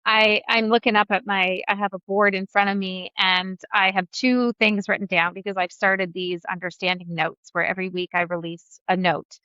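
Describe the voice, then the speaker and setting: A woman's voice: mid-range voice, level tone, normal speed, few pauses, bright, forceful tone, clean tone, no room sound, lo-fi sound. A woman facilitator speaking as a podcast guest, earnest and reflective, sharing personal examples. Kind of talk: conversational interview.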